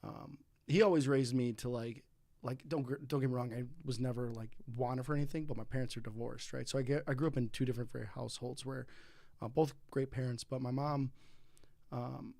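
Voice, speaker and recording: Male podcast guest, mid pitch, gravelly, dry close sound, loose rambling delivery. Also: fairly even intonation, brisk, a little mellow, no echo. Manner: rambling, laughs often, restarts. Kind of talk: casual chat.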